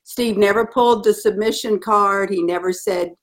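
A woman's voice: mid-range voice, steady tone, moderate pace. Earnest storytelling woman. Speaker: guest. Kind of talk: storytelling in an interview.

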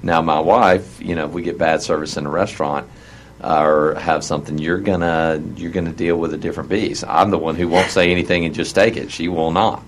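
A man with a very low voice hosts a relaxed talk show about relationships. He is middle-aged and talks in halting bursts, full of false starts. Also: slight background noise. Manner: halting, many restarts.

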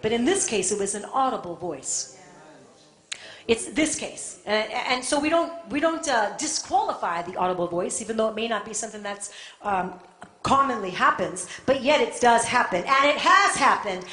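A woman preaching a sermon with passion, her delivery swinging from quiet and intimate to loud and fervent. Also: a little high, lively intonation, normal speed. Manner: impassioned, swings from soft to shouting. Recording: echoey room.

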